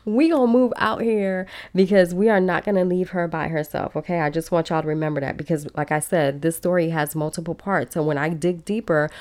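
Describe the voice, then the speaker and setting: A woman in her thirties hosting a podcast, telling her own life story in an emotional, animated way and speaking straight to her listeners. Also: low-pitched.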